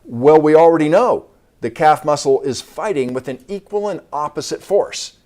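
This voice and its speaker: A man's voice: a little high, lively intonation, moderate pace, mellow. A man, a doctor guest, explaining step by step in an interview.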